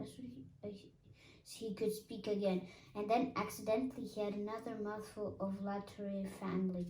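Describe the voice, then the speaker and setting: A woman reading a children's storybook aloud, careful and halting, now and then stumbling and restarting a word. Her voice is mellow and soft-edged. She sits a little back from the mic in an echoey room at home. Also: mid-range voice, little pitch movement, distant mic, slight background noise. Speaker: reader.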